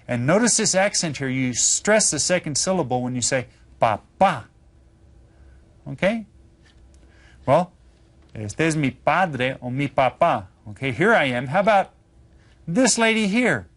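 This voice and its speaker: Male teacher for a kids' language lesson: unhurried, encouraging, spells out each word slowly. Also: mid-range voice. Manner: upbeat, coaxing, repeats words slowly for pupils. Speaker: Spanish teacher. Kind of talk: scripted children's language lesson.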